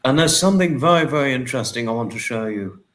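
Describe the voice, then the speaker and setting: A man hosts a casual livestream and reads out viewer comments. He greets each person by name and thanks them at length. His voice sits at an ordinary middle pitch. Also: lively intonation, quick pace, a bit bright. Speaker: livestream host.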